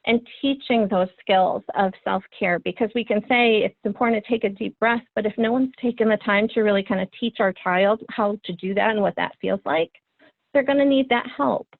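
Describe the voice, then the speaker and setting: A woman's voice: medium pitch, moderate pace, creaky, no echo. A woman in her thirties, a trainer presenting a webinar for parents, speaking in an earnest, encouraging way with frequent ums. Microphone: video call. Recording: phone-like webinar audio, dry.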